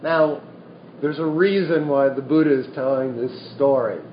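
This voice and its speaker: A man giving a dharma talk as a meditation teacher, telling a teaching story in an unhurried way with wry asides. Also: medium pitch, fairly even intonation, a little hiss or hum. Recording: echoey room, dull lo-fi sound.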